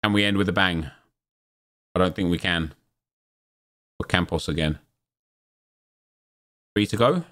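A man's voice: low voice, unhurried, pauses often. Man commentating game pack openings. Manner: chatty, jumps into excited exclamations at pulls. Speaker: gaming channel host. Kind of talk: casual gameplay commentary.

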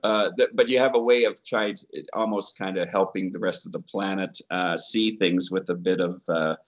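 Deep-voiced man musing aloud. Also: fairly even intonation, normal speed. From Canada. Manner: musing, laughs often, searches for words. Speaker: guest, Bigfoot researcher. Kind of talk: casual interview chat.

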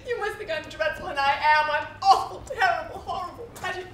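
An actress playing a vain, insecure stage star who is tipsy, speaking in a theatrical, self-mocking, giggly way. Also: female voice, extremely high pitch, a little fast, bright, forceful tone, slight background noise. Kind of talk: live stage play acting. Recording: roomy stage sound from a distant mic.

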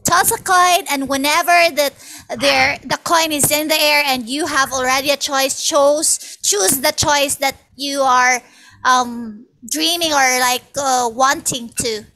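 A woman improvising as a life coach in a comedy scene. Her voice is high and her pace unhurried. She gives soft, rambling advice. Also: fairly even intonation, slight background noise, rough recording.

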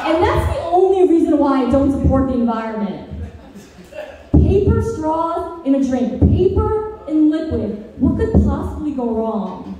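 A high, mellow-toned woman works through a stand-up set with deadpan dark one-liners, now and then drifting into a sing-song lilt. Her voice comes from some distance away and rings through a very echoey room. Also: measured pace. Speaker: stand-up comedian.

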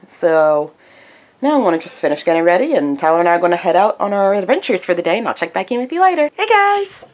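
A woman vlogging casually from home, her voice raspy and stuffed up from congestion, chatting in a rambling way with lots of fillers. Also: fairly low pitch, sing-song, quick pace, a little mellow. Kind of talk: casual daily vlog.

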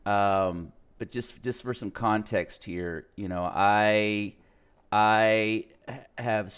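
A man's voice: fairly low pitch, fairly bright tone, clean tone. A man venting in a rambling, exasperated way over his computer screen, full of fillers, restarts and swearing. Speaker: gaming video creator. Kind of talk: casual screen-share rant.

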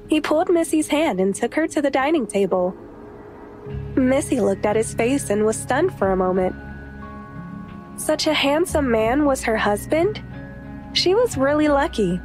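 A woman narrating a romance audiobook in a steady, even storytelling voice. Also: high voice, measured pace. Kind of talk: scripted narration. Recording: soft music underneath.

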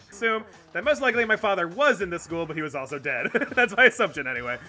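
A man plays through a game on stream, voicing the dialogue and cracking jokes. His voice sits high and bright and swings widely. He swears freely and laughs often. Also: expressive, quick pace. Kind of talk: let's play commentary.

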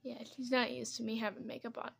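A woman's voice: fairly high pitch, level tone, fast talker, gravelly, fairly bright tone, slight background noise. A young woman chatting casually as she does her makeup at home, rambling from one topic to the next. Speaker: vlogger. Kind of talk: casual get-ready-with-me chat.

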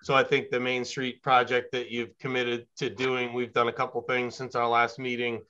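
A consultant talking through projects with a client board in a meeting, hedging often and filling pauses with "um" and "you know". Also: male voice, mid-range voice, flat delivery, sharp tone, clear, resonant tone, dull audio. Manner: thoughtful, hedging, many fillers. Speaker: engineering consultant. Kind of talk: business meeting talk.

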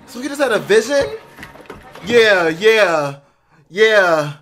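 Bright, lively man reacting to a movie. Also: high-pitched, takes it slowly. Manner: jumpy, screams and swears, talks to viewers. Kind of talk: reacting to a film.

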